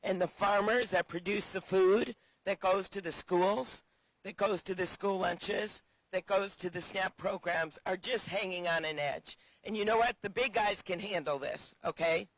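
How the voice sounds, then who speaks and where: A senator speaking passionately at an outdoor rally, her voice hoarse and worn, clearing her throat now and then. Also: medium pitch, a little slow, no room sound, rough recording. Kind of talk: rally speech.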